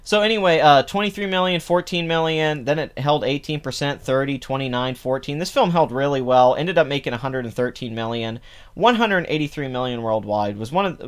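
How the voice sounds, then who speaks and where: A man's voice: a little high, clean tone. Opinionated man rambling about box office. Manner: opinionated, rambling, many fillers and restarts. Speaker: podcast host. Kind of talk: casual box office commentary.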